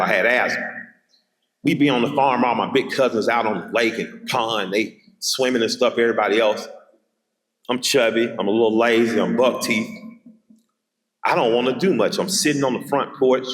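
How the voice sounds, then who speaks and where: A man's voice: medium pitch, moderate pace, long pauses, fairly bright tone. A middle-aged man with an Atlanta Southern accent, giving a keynote speech at a college with emphatic, rhythmic repetition and vivid personal storytelling. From Atlanta, Georgia. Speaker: keynote speaker. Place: large hall at a college. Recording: echoey hall with long reverb.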